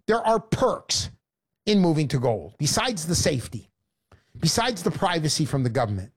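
A woman hosting a sarcastic, animated sales pitch monologue.

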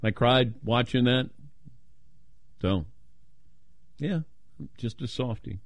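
A man's voice: medium pitch, slow pace, no echo. An older man hosting a talk radio show, chatting casually and telling stories with playful quoted voices. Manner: animated storytelling, playful voices when quoting.

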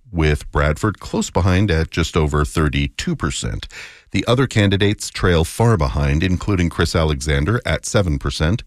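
A man reading the morning news on the radio in a measured, authoritative way. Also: a bass voice, no room sound, clean studio sound. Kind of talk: newscast reading. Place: radio studio. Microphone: close studio mic.

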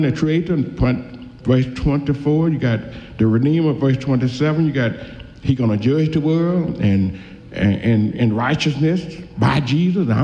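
Folksy preacher in an echoey hall. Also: male voice, on the high side, warm tone. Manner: folksy, quotes scripture slowly and then speeds up with asides. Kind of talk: sermon. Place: church. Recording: echoey hall, dull lo-fi sound.

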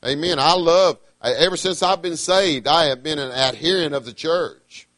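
A middle-aged man, preaching a sermon with emphatic, swinging delivery, loud declarations dropping to quiet asides. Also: on the high side, moderate pace, no echo.

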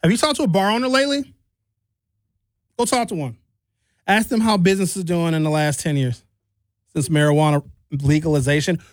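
A man from Wisconsin doing a stand-up comedy rant, animated with sarcastic asides. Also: on the high side, brisk, long pauses, no room sound. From Wisconsin, USA.

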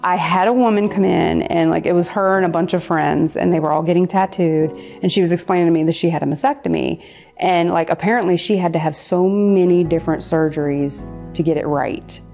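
A middle-aged woman, a tattoo artist, telling stories in a casual, lively way and laughing often. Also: on the low side, brisk, highs cut off, soft background music. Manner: lively, acts out quoted people, laughs often. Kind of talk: casual storytelling.

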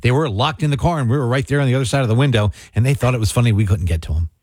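A man's voice: medium pitch, rapid-fire, darkish tone, no echo, clean studio sound. An older man from South Jersey co-hosting a radio talk show, telling stories in a rambling, easygoing way. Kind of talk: casual radio chat. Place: radio studio. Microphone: studio microphone.

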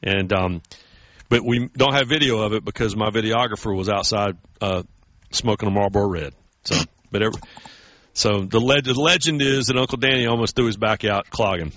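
A man's voice: on the low side, brisk, dry recording, highs cut off. A man telling stories in casual chat as a podcast co-host, acting out quoted voices with energy. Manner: storytelling, animated quoted voices.

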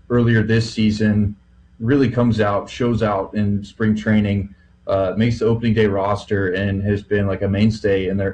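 Lower-voiced rambling man broadcaster. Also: darkish tone, a little hiss or hum, rough recording. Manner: rambling, filler-heavy storytelling. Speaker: baseball broadcaster. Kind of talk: casual podcast chat.

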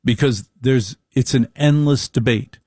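A middle-aged man delivering a slow, deliberate, wry opinion monologue with repeated phrases. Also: mid-range voice, darkish tone, no room sound, studio quality.

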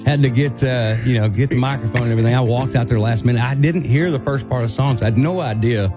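A man guest co-hosting a radio show, telling a lively backstage story and acting out what others said. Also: mid-range voice, fast, music in the background. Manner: animated storyteller acting out quotes. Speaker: guest co-host.

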